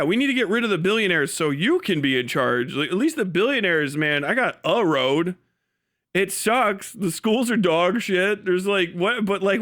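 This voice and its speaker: A high-pitched man holds forth on a livestream in a heated, profane rant. He talks in a mocking, scornful way and keeps laughing at his own lines. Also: a bit bright. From United States. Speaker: livestream host.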